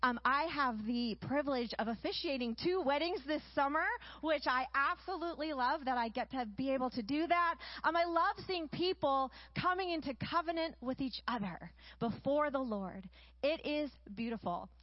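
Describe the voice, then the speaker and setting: A woman preaching a sermon, enthusiastic and often checking in with a quick "right?". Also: high-pitched, no echo, dull audio.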